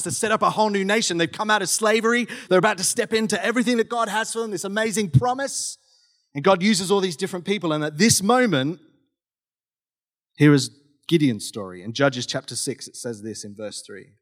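Middle-aged man, pastor, fairly high voice, animated and chatty sermon delivery with dramatic readings. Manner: animated, conversational storytelling with dramatic scripture reading.

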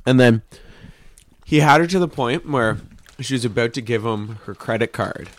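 A man's voice: mid-range voice, moderate pace, dry recording. A man co-hosting a podcast, telling stories in casual chat, swearing freely and acting out the voices of the people in them. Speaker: podcast co-host.

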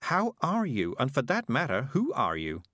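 A man's voice: mid-range voice, huge pitch swings, moderate pace, a bit bright, no room sound, studio quality, pitched above the performer's own voice. A man voicing a frail, fussy woman witch who speaks politely in a quavering voice. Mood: fretful.

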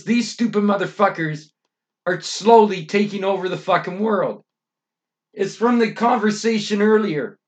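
A middle-aged Canadian man hosting a podcast, ranting angrily with constant swearing and emphatic outbursts. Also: high voice. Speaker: podcast host. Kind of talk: profane ranting monologue.

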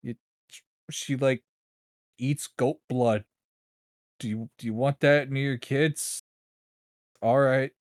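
A man's voice: mid-range voice, steady tone, slow, long pauses, no room sound. A man co-hosting a podcast, chatting casually with dry, wry remarks. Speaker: podcast co-host. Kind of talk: casual chat.

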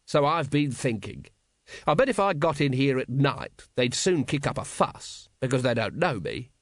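A man voicing a weary, dogged male watch captain with flat, wooden official replies in an audiobook. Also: medium pitch, moderate pace, no echo, studio quality. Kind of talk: audiobook character voice.

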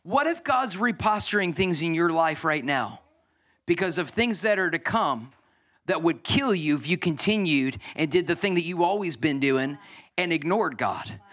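A man in his thirties preaching a lively sermon as pastor, acting out voices and swinging from loud bursts to soft, tearful moments. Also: fairly high pitch, moderate pace. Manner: energetic, acts out voices, swings from shouting to near tears.

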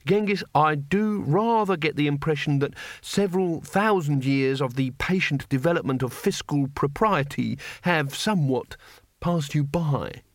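A man's voice: a little high, measured pace, dry recording, studio quality. A man voicing a fussy, polite middle-aged schoolteacher who speaks patiently to unruly pupils in an audiobook.

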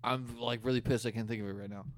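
A man's voice: mid-range voice, steady tone, quick pace. A young man co-hosting a podcast, rambling and swearing through casual chat. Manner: crude, rambling, profane. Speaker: podcast co-host.

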